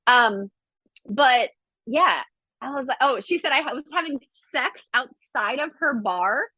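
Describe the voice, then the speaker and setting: A woman on a podcast, talking fast and loose and acting out the people she quotes. Her voice sits a bit high and swings widely in pitch. The sound is dry and close. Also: breathy edge, dry recording, rough recording. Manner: animated storytelling, acts out quotes; swears freely. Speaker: podcast guest. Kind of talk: casual podcast chat.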